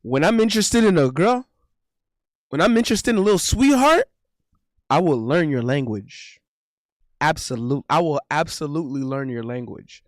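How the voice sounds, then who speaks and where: A young man rambles through casual live-stream banter, slangy and repetitive, his voice sitting a little high for a man. He is close to the mic in a dry, dead-sounding space. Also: animated, normal speed, dry recording. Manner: loose, repetitive, swears, says bro a lot. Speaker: streamer host.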